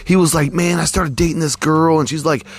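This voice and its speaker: A man's voice: a little high, fairly even intonation, a little fast. A man hosting a podcast, musing in a casual, rambling way with lots of fillers, recorded outdoors. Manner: rambling, folksy, many fillers like "you know". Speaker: podcast host. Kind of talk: casual philosophical monologue. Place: outdoors with cars passing.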